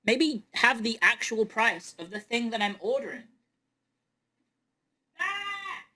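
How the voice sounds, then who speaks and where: A woman's voice: on the high side, normal speed, sharp tone, husky. Exasperated ranting woman. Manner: exasperated, ranting, incredulous outbursts. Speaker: VTuber streamer. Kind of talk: casual stream rant.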